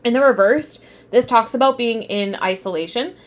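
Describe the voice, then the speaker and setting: A woman's voice: a little high, moderate pace. A young woman teaching tarot on a live stream, chatting with viewers, often laughing and getting sidetracked. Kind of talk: casual live-stream lesson.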